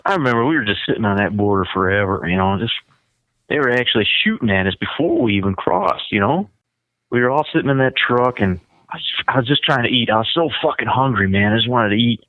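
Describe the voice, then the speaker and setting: A man's voice: mid-range voice, expressive, fast talker, dry recording. Male guest, laid-back profane storyteller, dull lo-fi sound. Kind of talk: casual chat.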